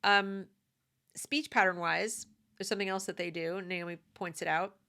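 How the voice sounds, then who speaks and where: Woman ranting her opinions on camera, lowish voice, leans hard on words, repeats herself. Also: fairly even intonation, moderate pace, vocal fry, bright, forceful tone, clear, resonant tone. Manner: emphatic, conversational, repeats points. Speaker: commentator. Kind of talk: opinion commentary monologue.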